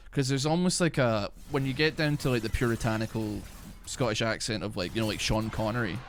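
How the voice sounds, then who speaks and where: A man's voice: lowish voice, fairly quick, a little hiss or hum. Rambling, swearing male streamer. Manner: rambling and profane, full of filler words. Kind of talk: casual chat while playing a video game.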